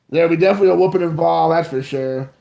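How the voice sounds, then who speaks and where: A man's voice: fairly high pitch, creaky, dark tone. A man in his thirties, co-hosting a podcast, telling a rambling, self-mocking childhood story in casual chat.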